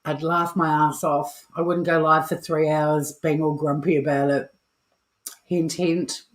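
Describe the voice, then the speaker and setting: A woman's voice: low voice, little pitch movement, measured pace, reverberant. An Australian woman hosting a casual cooking livestream from her kitchen, chatty and playful, swearing freely and making asides to her viewers. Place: home kitchen. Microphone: home mic.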